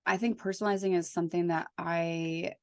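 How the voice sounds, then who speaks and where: A woman co-hosts a podcast and reflects thoughtfully on her clients and her childhood. Her voice is on the low side and soft-spoken. The recording is close and dry. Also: fairly even intonation, a little fast, no room sound. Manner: reflective, soft-spoken, frequent affirming "mm-hmm". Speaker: podcast co-host, therapist. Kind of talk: casual chat.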